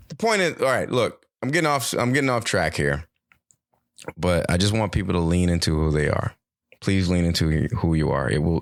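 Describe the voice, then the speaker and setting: Deep-voiced man rambling on a podcast. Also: no room sound, clean studio sound. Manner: rambling, jokey, animated, swears casually. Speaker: podcast host. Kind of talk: solo comedic podcast monologue.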